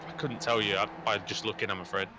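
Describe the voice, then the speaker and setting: A man commentating on a sim race, getting excited and loud at each incident. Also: on the low side, fast talker, noisy background. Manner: excitable, rising sharply at incidents.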